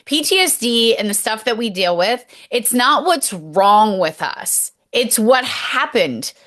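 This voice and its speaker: Podcast host woman, fairly high voice. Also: expressive, slow pace, fairly bright tone. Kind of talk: podcast interview.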